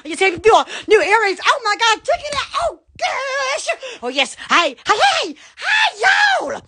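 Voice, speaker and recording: A woman's voice: very high voice, very animated, normal speed, a bit bright, raised voice. A woman hosting a casual live stream from her phone at home, gushing, laughing often and exclaiming over and over. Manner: repeated exclamations. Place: indoors at home.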